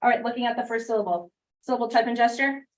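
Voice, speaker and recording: A woman teaching a phonics lesson in a classroom, briskly prompting students with questions and quick praise. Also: on the high side. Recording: distant classroom mic.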